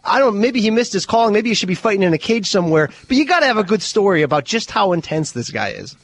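Male podcast co-host, high voice, playful jokester. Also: big pitch swings, fast talker. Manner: joking, playful. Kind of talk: casual interview chat.

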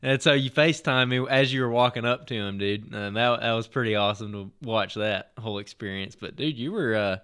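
Bright-voiced laid-back man. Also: mid-range voice, fairly quick, hardly any pauses, clear, resonant tone. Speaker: podcast co-host. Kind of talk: casual chat.

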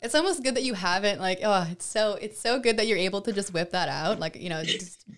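A woman from Serbia hosting a podcast, asking quick, enthusiastic questions. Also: mid-range voice. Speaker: podcast host. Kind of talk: casual interview.

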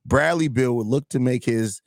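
A man's voice: mid-range voice, normal speed, vocal fry, no echo, clean studio sound. A man co-hosting a sports podcast, easygoing and casual, often calling his partner bro. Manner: easygoing, says bro, laughs along. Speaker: podcast co-host.

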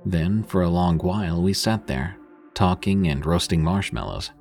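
A man narrating a scripted horror story in a husky voice, lifting his voice for the characters' lines. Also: sits low, normal speed, darkish tone, faint music behind.

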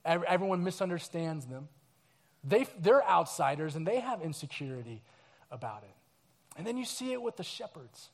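Guy pastor telling a story at christmas eve service, kinda high voice, lots of acting out. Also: moderate pace. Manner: storytelling, animated, acts out scenes and quotes. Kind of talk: sermon.

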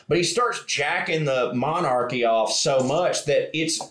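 American man, podcast co-host, rambling and profane, slightly high voice, echoey room. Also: a little slow, fairly bright tone. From United States. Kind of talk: casual storytelling chat. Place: small room in an old pub.

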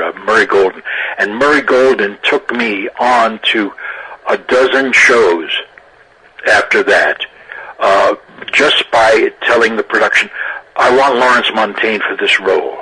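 An older man, an actor, telling lively anecdotes in an interview, often laughing and restarting his sentences. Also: on the low side, measured pace, husky, low-quality recording. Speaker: actor guest. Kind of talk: interview storytelling.

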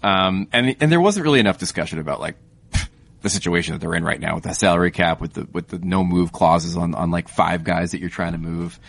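A man co-hosting a podcast, talking in a quick, wry, joking manner. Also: deep voice, vocal fry, fairly bright tone, husky. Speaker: podcast co-host. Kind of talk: casual podcast chat.

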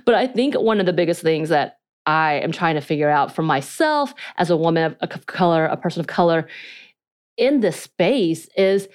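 A woman's voice: sits low, expressive, normal speed. A woman co-hosting a podcast, talking in a reflective, analytical, self-questioning way in casual chat. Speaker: podcast co-host.

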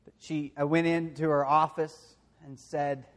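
A man from the American South with a Southern accent, preaching a sermon with self-deprecating stories that drop into quiet, confessional moments. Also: a little high, little pitch movement, a little slow, hardly any pauses. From Southern United States. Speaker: pastor.

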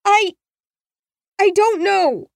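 A terrified young girl trapped in the dark cries and pleads in a high, panicky voice, as a woman narrator puts her on. The audio drama sound is dry and close, with no room echo. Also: drawn-out words, gravelly, heavily acted. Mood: desperate.

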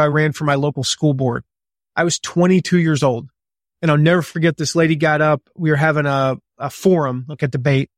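Male podcast guest, forties, fairly high voice, gregarious and a little loud, dry close sound. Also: no room sound. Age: 40s. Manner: conversational with many fillers. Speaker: guest author and business coach. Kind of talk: podcast interview.

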